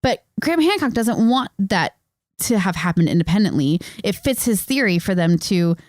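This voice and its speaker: Female podcast co-host, average pitch, dry recording, lively filler-heavy chat. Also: normal speed, no echo. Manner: animated, laughs easily, many fillers.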